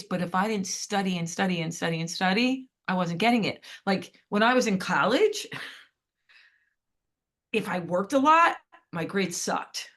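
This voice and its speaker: Woman in her 50s, podcast guest, animated and chatty, acts out quotes. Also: medium pitch. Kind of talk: casual storytelling.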